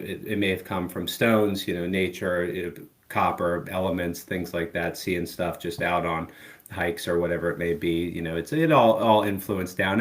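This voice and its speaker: A middle-aged man speaks as a musician guest in a loose interview. His voice sits very low, and he talks in long, rambling runs padded with fillers. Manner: relaxed, rambling, many "you know" fillers. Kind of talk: casual interview chat.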